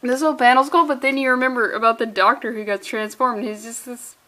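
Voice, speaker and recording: A woman casually reviewing a comic book, excitable and rambling, with swearing and jokey asides. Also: on the high side, fast.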